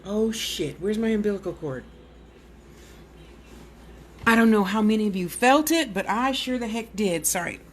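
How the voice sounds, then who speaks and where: A woman's voice: medium pitch, expressive, normal speed, pauses often. A woman clairvoyant medium in casual live-stream chat at home, rambling and blunt, talking straight to her viewers.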